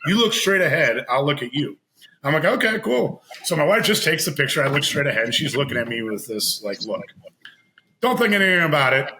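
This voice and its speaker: A man spins an animated anecdote in casual podcast chat, his bright voice swinging up and down in pitch. He laughs and acts out the people in his story. A faint hiss sits under the recording. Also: fast talker, low-quality recording. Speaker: podcast guest.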